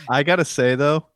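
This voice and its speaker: A man guesting on a comedy podcast, crude and animated in his teasing. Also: a little high. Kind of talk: casual comedic podcast chat.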